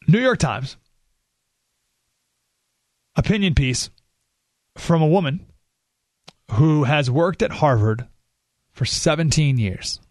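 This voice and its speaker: A man hosting a political talk radio show, talking in an animated, sarcastic way. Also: on the high side, takes it slowly, long pauses, no echo, clean studio sound. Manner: animated, sarcastic, acts out quoted voices.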